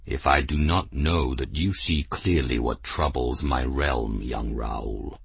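A man's voice: rumbling low, slow pace, gravelly, breathy edge, dry recording, pitched below the performer's own voice, full character voice. Man doing Norn, a grave old cat chief.

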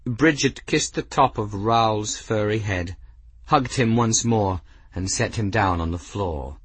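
A man reading a fantasy novel aloud as a narrator, with measured, expressive storytelling. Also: on the low side, breathy edge, no echo. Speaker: audiobook narrator. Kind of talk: scripted narration.

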